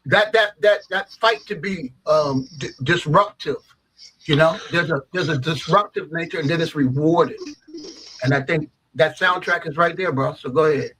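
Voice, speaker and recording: A man's voice: on the high side, normal speed, fairly bright tone, breathy edge, rough recording. Rambling opinionated radio host man. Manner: rambling, opinionated, frequent "you know what I'm saying". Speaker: talk show host. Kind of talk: casual radio talk.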